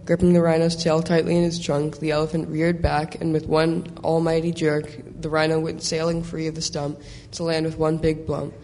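Guy reading a kids' storybook aloud, mellow flat voice, echoey hall with faint hiss. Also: fairly high pitch, moderate pace, few pauses. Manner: lively reading with small restarts.

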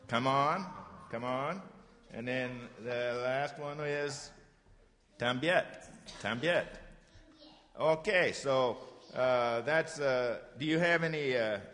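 A man giving a lesson to children in a patient, encouraging way, slowly repeating phrases for them to say back. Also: mid-range voice, a bit bright, big-room sound. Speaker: teacher.

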